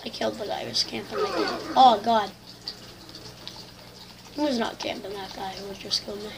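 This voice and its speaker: A woman giving excitable, complaining live commentary over a shooter game she is playing, full of slang. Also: medium pitch, moderate pace, gravelly, noisy background. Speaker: gamer.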